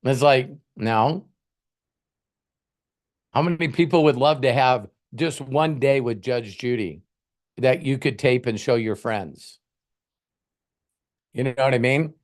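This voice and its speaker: A man's voice: medium pitch, slow pace, long pauses. A man hosting a casual motivational talk, rambling conversationally and acting out little scenes. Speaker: host, motivational coach.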